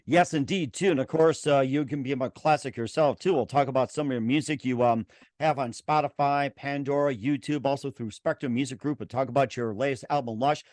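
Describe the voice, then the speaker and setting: A man's voice: mid-range voice, fairly quick, darkish tone, dry recording, studio quality. A man hosting an interview show, upbeat, repeating his phrases and reading sponsor plugs. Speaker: show host.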